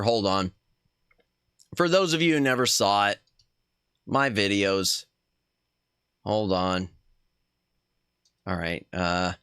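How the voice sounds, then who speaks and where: A man streaming a retro game, talking to chat in a relaxed, unhurried way. His voice is bright and his pitch jumps around a lot as he jokes at his own expense. The sound is dry and close. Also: dry recording. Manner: playful, chatty, laughs at himself, reads game text aloud. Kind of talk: casual live-stream gaming chat.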